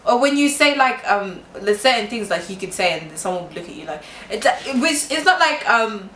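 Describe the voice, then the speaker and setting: A young woman from Kenya co-hosting a casual vlog, talking in a chatty, animated way with lots of fillers. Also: mid-range voice, fairly quick. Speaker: vlogger co-host. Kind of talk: casual chat. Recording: echoey room with faint noise.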